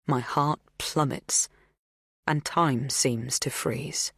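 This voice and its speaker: A woman narrating an audiobook in a measured, even reading. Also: very deep voice, gravelly, breathy edge, no echo, studio quality. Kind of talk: scripted first-person narration.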